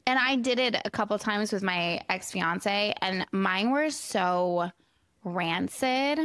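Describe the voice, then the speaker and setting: A young woman chats on a podcast, candid and quick to laugh as she tells embarrassing stories. Her voice sits in the middle of the range for a woman. The sound is dry and close, with no room around it. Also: medium pitch, a bit bright, clean tone, no room sound. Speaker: podcast co-host. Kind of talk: casual chat.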